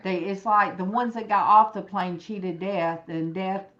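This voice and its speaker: A woman from Alabama hosting a casual online chat, telling a long story in an animated, rambling way. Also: medium pitch, unhurried, lo-fi sound, slight background noise. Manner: animated, rambling, acts out quoted voices. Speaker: host. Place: room indoors, echoey.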